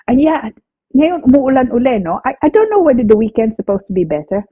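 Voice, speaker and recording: Woman with a bunged-up cold, chatty, lots of "no?" tags, husky, sounds like a phone line. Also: high-pitched, sing-song, fast, no room sound. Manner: chatty, frequent tag questions and hesitations. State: stuffy nose from a cold. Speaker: immigration lawyer co-hosting a live show. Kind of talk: casual live chat reading viewer messages. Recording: dry, tinny phone-like line.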